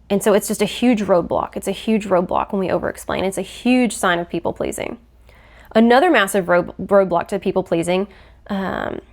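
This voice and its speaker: A woman hosting a faith-based podcast, teaching in an earnest, explanatory way and acting out quoted phrases. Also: medium pitch. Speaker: podcast host.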